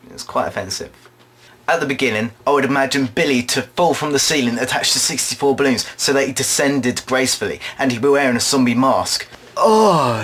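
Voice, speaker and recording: A man performing an absurd comic monologue, rambling along in a deadpan way and now and then putting on quick voices. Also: mid-range voice. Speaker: drama student performer.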